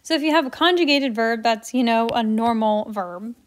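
A woman teaching a grammar lesson in an upbeat, playful way, dropping to soft asides while she writes. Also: on the high side, moderate pace. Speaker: Spanish teacher.

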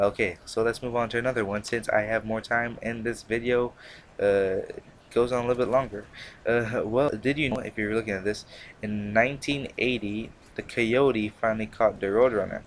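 A man's voice: lowish voice, slight background noise. A young man hosting a gaming channel, rambling in casual, slangy commentary full of fillers and restarts. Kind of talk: casual commentary over gameplay.

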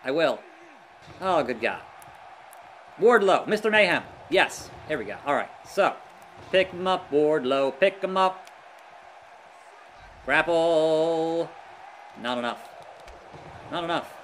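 Excitable high-voiced gaming commentator man. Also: takes it slowly, pauses often, a little hiss or hum. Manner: excitable, groans and yells at the action. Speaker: let's play gamer. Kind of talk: live gameplay commentary.

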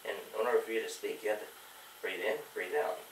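Low-voiced guy teaching bible class, lots of ums, far from the mic in an echoey room w/ a bit of hiss. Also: fast. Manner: rambling, many fillers and restarts. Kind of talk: church teaching.

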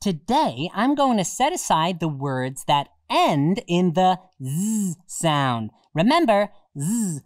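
A woman's voice: fairly low pitch, big pitch swings, slow, hardly any pauses, darkish tone, no echo, clean studio sound. A woman voicing a cheerful, playful dog in a children's educational show, bubbly and giggly. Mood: excited.

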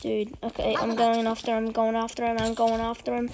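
A woman giving casual, excitable commentary while playing an online game, chatty and eager. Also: on the high side, brisk, background noise. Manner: chatty and excitable, urging opponents on. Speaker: gaming channel host.

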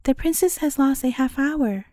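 A woman's voice: sits high, moderate pace, warm tone, no echo, studio quality, natural voice. A woman voicing an earnest, simple-hearted young man, eager and proud, in a storybook tale.

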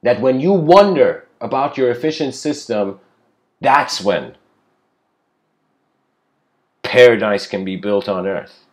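A man's voice: mid-range voice, animated, slow pace, long pauses. Rambling man giving a spiritual talk. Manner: rambling, with frequent restarts and casual asides. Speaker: spiritual speaker. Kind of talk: improvised spiritual lecture.

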